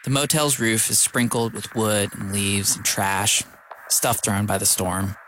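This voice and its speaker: A man narrating a documentary story in a calm, scripted way. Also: on the low side, a little slow, slight background noise. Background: music.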